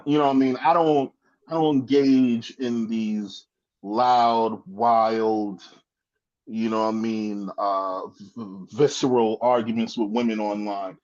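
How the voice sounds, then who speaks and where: A man's voice: fairly low pitch, steady tone, takes it slowly, a little mellow. Man on a dull lo-fi line, "you know what I mean". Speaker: guest. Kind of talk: casual chat. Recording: dull lo-fi sound.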